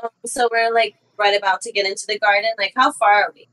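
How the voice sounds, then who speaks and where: A woman's voice: medium pitch, fairly even intonation, fast talker, bright, forceful tone. A woman playing in a tabletop game, chatting in a laid-back, giggly way. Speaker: player. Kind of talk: casual tabletop play.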